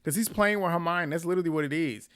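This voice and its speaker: A man's voice: on the high side, fast, fairly bright tone, smooth. A man giving a casual recap of a reality show, blunt and sarcastic, swearing freely and talking straight to his viewers.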